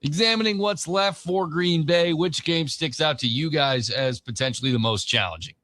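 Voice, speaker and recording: A man co-hosting sports radio, bantering and reading an ad briskly. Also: a little high, pushed and bright, no echo. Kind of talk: casual sports radio chat and ad reads. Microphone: studio mic.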